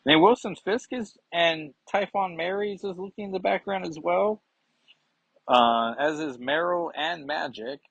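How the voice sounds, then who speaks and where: A man's voice: on the high side, a little slow, gravelly, fairly bright tone, husky, no echo. A man reviewing comics in casual chat, rambling and digressive with many fillers.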